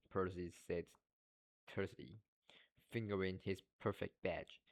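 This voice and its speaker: Man learner reading a novel aloud: low voice, halting, trips over and repeats words. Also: fairly even intonation.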